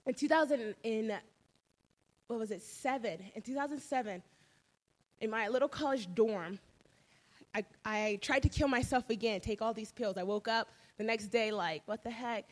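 A woman's voice: on the high side, normal speed. A young woman giving an emotional personal faith testimony, telling her story animatedly with many fillers. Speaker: testimony speaker.

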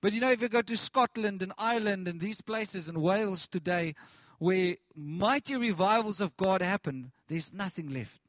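A man's voice: high-pitched, normal speed, no echo. A man preaching a sermon with passion, repeating phrases, restarting lines and calling out to the congregation.

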